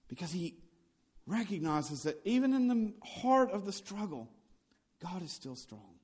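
A male pastor preaching a sermon, swinging between loud and hushed lines and building on repeated phrases. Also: high voice, big pitch swings, measured pace, husky.

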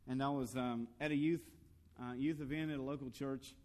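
A man preaching a sermon as pastor, earnest and lively, asking the listeners questions and telling stories from his own youth. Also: medium pitch, fairly quick.

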